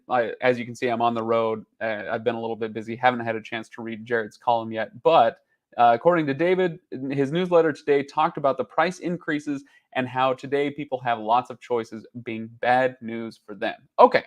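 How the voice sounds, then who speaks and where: A man in his thirties hosting a casual talk, rambling with many fillers and restarts while on the road. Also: medium pitch. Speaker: channel host. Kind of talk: casual chat.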